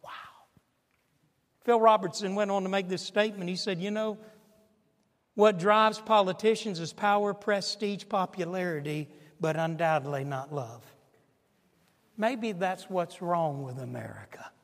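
A man's voice: sits high, normal speed. Preaching man in his sixties, big hall echo. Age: 60s. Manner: swings from hushed asides to shouted emphasis. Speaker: pastor. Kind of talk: sermon. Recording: long hall reverb.

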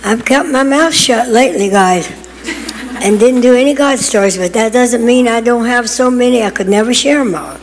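A woman's voice: a little high, moderate pace, a little hiss or hum. Chatty older woman testifying in a hall. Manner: chatty, emphatic, laughing asides. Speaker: church member. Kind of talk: personal testimony in church sharing time. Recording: long hall reverb.

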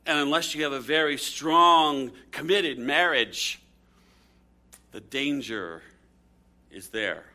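A man preaching a sermon, telling stories and reading scripture with big swings of pitch and loudness. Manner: storytelling with dramatic swings in pitch and volume. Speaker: pastor.

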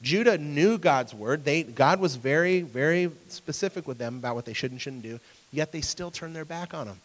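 A man's voice: fairly high pitch, animated, normal speed. A man in his thirties preaching a conversational sermon, asking his listeners questions and acting out voices in his stories. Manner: conversational, asks the audience questions; acts out voices in anecdotes. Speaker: pastor. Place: church hall with an audience. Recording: long reverb of a hall.

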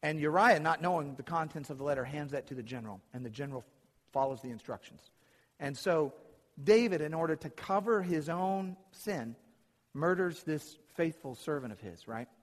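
Preacher, male, slightly high voice, tells scripture stories and voices the quotes; reverberant hall. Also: expressive, moderate pace. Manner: retells Bible stories, acting out the quotes. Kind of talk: sermon.

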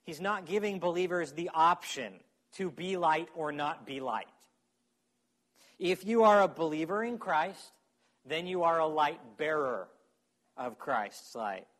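A man's voice: a little high, animated, measured pace, fairly bright tone. A man preaching a sermon in a conversational way, often checking in with his listeners. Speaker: pastor.

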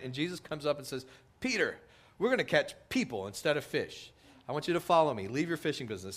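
A middle-aged man preaches a sermon as a pastor, animated throughout. He acts out quotes, swinging widely in both pitch and loudness.

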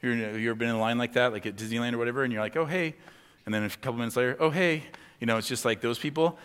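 A man's voice: mid-range voice, fairly even intonation, very fast, a bit bright, clear, resonant tone. A man giving a sermon as a conversational story, with many fillers and acted-out quotes. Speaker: pastor. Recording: long hall reverb.

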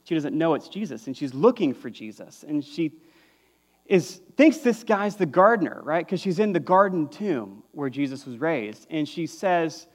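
A man's voice: a little high, very animated, normal speed. A young man, preaching a conversational sermon as a pastor, full of fillers and restarts.

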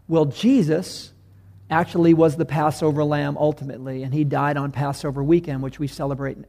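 A man preaching a sermon, reading scripture and retelling it with animated bursts of loud emphasis. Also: on the high side, gravelly. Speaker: pastor.

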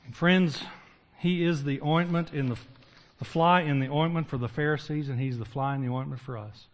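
An older man preaching a sermon to his congregation, mixing folksy jokes with passages that swing from loud and emphatic to low and hushed. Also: steady tone, moderate pace. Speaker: pastor.

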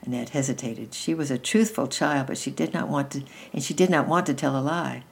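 A woman reads a children's story aloud in a gentle, unhurried way, now and then stumbling and restarting a phrase. Her voice sits unusually low for a woman. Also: creaky. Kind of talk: reading a children's book aloud.

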